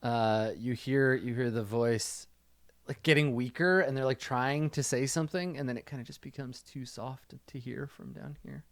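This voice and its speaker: Man narrating as a relaxed game master. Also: mid-range voice, normal speed, no echo, clean studio sound. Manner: relaxed, hesitant with many fillers and restarts.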